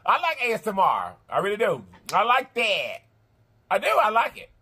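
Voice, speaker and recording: A woman hosting an eating channel, chatty and effusive, talking casually to her viewers and repeating herself warmly. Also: medium pitch, huge pitch swings, moderate pace, slightly rough. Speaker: mukbang channel host.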